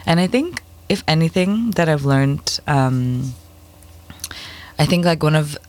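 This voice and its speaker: A woman's voice: low voice, expressive, slow pace. A woman in casual conversation, talking loosely with many fillers and restarts. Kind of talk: casual chat.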